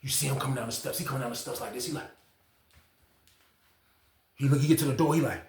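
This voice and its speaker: A man telling a prison story in casual slang, acting out the people he quotes with loud shouts. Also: mid-range voice, fast, reverberant.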